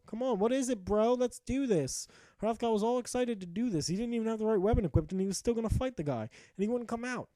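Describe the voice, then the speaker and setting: A man's voice: extremely high pitch, expressive, fast talker, warm tone, dry recording. A young man giving profane, mock-epic narrated commentary over a game he plays. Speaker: gaming commentator. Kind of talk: comic narrated gameplay commentary.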